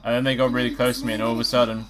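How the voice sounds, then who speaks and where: A woman's voice: a bass voice, level tone, rapid-fire, crowd noise. A woman voicing a cheerful young woman while reading game dialogue aloud, speaking lightly and matter-of-factly. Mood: calm.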